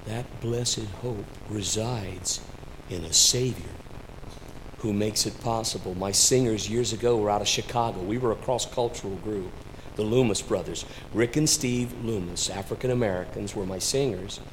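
A man preaching a sermon, swinging between soft, low asides and loud, rising declarations, and addressing listeners by name. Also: brisk, noisy background.

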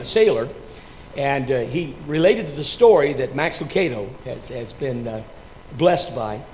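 A man, a pastor, telling a story dramatically before leading communion, swinging between loud and hushed delivery. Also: fairly high pitch.

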